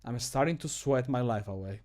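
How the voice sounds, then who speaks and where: A young man whose first language is Spanish chats loosely through a home recording session, rambling and laughing often. He mocks his own mistakes as he goes. His voice sits at a middle pitch. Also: normal speed, a little mellow. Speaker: streamer and voice actor. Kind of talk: casual live-stream chat.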